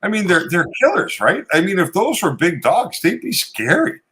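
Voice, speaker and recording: A man co-hosting a casual chat, easygoing and quick to laugh. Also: high voice, sing-song, bright, forceful tone, breathy edge. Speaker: podcast co-host.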